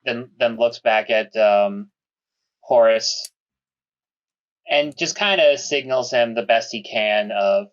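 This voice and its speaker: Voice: medium pitch, slow pace, clean tone. A player in a tabletop game, describing their character's actions hesitantly. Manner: hesitant, narrating own actions. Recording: dull lo-fi sound.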